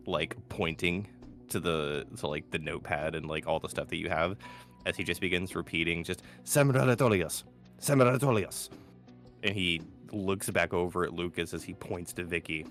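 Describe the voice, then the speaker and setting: A man's voice: deep voice, sharp tone. A man running a tabletop game as game master, narrating with lots of fillers and restarts. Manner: rambling, many fillers and restarts.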